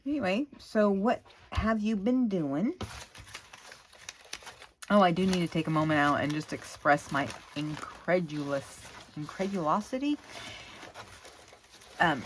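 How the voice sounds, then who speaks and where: Low-voiced chatty woman crafting vlogger. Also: slight background noise, rough recording. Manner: rambling, exclaiming, talking while working. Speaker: crafting channel host.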